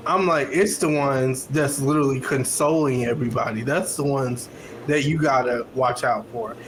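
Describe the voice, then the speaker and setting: A man's voice: mid-range voice, normal speed, fairly bright tone, a little hiss or hum, poor audio. A man co-hosting a casual podcast, giving blunt, opinionated takes with casual cursing. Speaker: podcast co-host. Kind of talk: casual chat.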